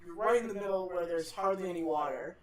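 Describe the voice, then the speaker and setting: A woman's voice: lowish voice, quick pace, reverberant, recorded from a distance, a loud crowd. A woman chatting casually over a video game playthrough, rambling through stories with lots of fillers. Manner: rambling, filler-heavy storytelling. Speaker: co-commentator. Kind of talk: casual let's-play chat.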